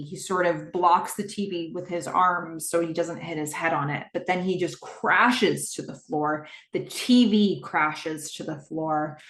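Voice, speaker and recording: A woman hosting a podcast, recapping a TV episode scene by scene in a casual, animated way with frequent laughs. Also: on the low side, reverberant. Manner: animated, laughs often, acts out the characters' lines.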